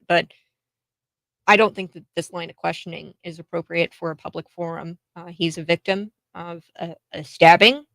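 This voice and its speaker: A woman's voice: on the low side, fairly even intonation, moderate pace, gravelly, a bit bright, dry recording. A woman hosting a talk radio interview, chatty and restarting her sentences often. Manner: chatty, many fillers and restarts. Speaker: radio talk show host.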